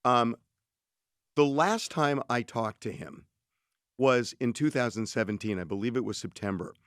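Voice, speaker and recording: A man in his sixties co-hosting a talk show, telling a story in an animated way and quoting others. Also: mid-range voice, moderate pace, clean tone, no room sound, clean studio sound. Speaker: co-host.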